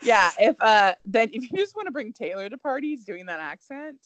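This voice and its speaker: A woman's voice: a little high, sing-song, moderate pace, no echo, dull audio. A young adult woman co-hosting a podcast in a bubbly, exclaiming casual chat. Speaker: podcast co-host.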